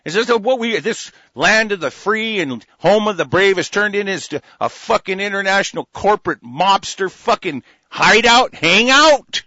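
A man's voice: sits high, expressive, a little slow, hardly any pauses, no room sound, muffled recording. A man delivering an angry, profane political rant, hurling insults. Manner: furious, profane, shouting insults.

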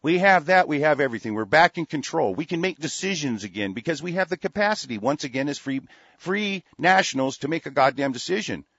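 A man's voice: on the high side, animated, a little fast, a bit bright, breathy edge, no room sound, highs cut off. An older man hosting a talk radio show, ranting angrily and cursing often, with frequent restarts. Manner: profane, heated, with frequent restarts. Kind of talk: angry political rant.

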